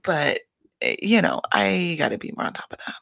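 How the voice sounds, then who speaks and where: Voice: mid-range voice, wildly swooping pitch, moderate pace, vocal fry, fairly bright tone, no room sound. A podcast host chatting casually through a reality TV recap, gushing, rambling and swearing freely on a home mic.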